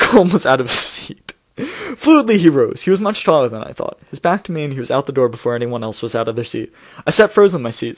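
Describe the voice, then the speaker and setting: A man's voice: fairly high pitch, no echo, studio quality. A man reading a novel aloud and mocking it with sarcastic commentary, laughing often between lines. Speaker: book reader and commentator. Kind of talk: sarcastic read-along commentary.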